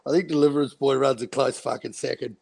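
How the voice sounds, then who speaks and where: A man's voice: medium pitch, fairly even intonation, fast talker, creaky, a little mellow, breathy edge. A man on a livestream panel, talking bluntly and swearing a lot in casual chat.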